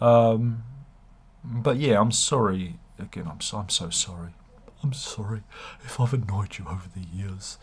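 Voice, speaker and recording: A man talks to camera with a husky, slightly low voice. He rambles in a sardonic, self-mocking way and often stops to restart his sentences. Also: normal speed. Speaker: YouTuber.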